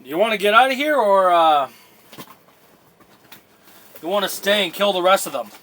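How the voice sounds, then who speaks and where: A man's voice: sits high, very animated, normal speed, fairly bright tone, slight background noise. A man voicing a laid-back male helper companion. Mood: offhand.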